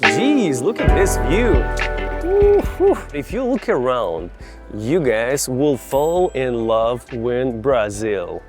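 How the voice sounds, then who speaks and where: A man's voice: medium pitch, very animated, slow pace, music in the background. A man with an Eastern European accent vlogging outdoors at a busy tourist spot, chatting playfully with strangers. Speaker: travel vlogger. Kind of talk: casual vlog chat with strangers. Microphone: handheld camera.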